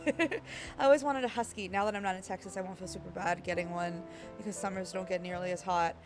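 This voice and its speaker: A woman streaming and chatting casually, rambling and reading chat aloud, her voice croaky and worn out. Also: medium pitch, fairly even intonation, fairly quick. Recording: faint music underneath.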